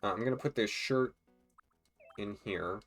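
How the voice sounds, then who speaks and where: A let's play host chatting casually and joking while playing a life-sim game, thinking out loud. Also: mid-range voice, measured pace, soft background music. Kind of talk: casual gameplay commentary.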